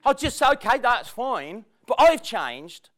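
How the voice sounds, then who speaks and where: A man's voice: extremely high pitch, very animated, a little slow, a bit bright. A man giving a chatty, self-mocking motivational talk to a live audience, with spontaneous storytelling. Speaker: motivational speaker. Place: seminar room with audience. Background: audience laughter.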